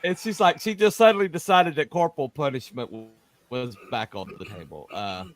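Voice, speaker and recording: A man's voice: mid-range voice, a little fast, no echo. A man chatting casually as a podcast co-host, telling rambling stories full of fillers and restarts. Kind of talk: casual chat.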